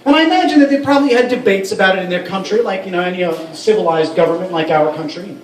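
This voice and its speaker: A man's voice: sits high, very fast, a little hiss or hum. A man doing a stand-up comedy set in a club, rambling and profane with many restarts. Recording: roomy room sound from a far mic.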